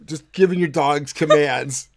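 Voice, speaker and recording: Man, middle-aged, podcast co-host, blunt, rambling, fairly high voice. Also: measured pace, gravelly. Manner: rambling, blunt, swears freely. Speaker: podcast co-host, dog trainer. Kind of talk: casual podcast chat reading comments.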